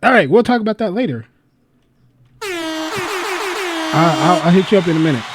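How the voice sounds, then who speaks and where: With music playing behind him, an American man hosts a casual livestream, spinning animated, rambling stories full of laughter, swearing, and restarts. He speaks at a normal speed in a high voice.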